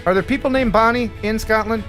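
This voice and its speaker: An American man hosting a casual livestream chat, jokey and quick to laugh. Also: sits high, soft background music. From United States. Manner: jokey, laughs often, animated. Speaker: host.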